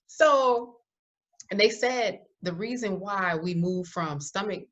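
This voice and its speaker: A woman co-hosting a podcast in casual chat, animated and jokey, laughing often. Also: mid-range voice. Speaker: podcast co-host.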